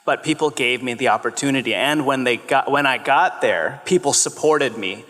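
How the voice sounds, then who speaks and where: A children's TV host in his thirties, his voice medium-pitched and a bit bright, talks casually on a panel in a large convention hall. He comes across as earnest and grateful, speaking in quick bursts, while the hall gives the sound a long reverb.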